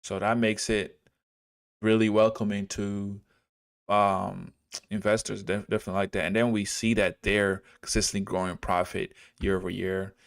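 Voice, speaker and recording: A man's voice: fairly low pitch, level tone, moderate pace, creaky. A man from Dallas, chatting casually with viewers on a livestream while he walks through stock charts. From Dallas, Texas. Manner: laid-back, chats with viewers while reading charts. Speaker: livestreamer teaching trading.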